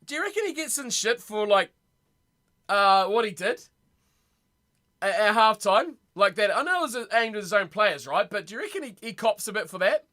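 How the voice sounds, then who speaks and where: A young man rambles and reacts aloud to his chat, excitable and chatty. His voice sits high and sounds bright and lively. He talks casually, like a live streamer at home. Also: normal speed. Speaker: streamer hosting a rugby watch party. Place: home room.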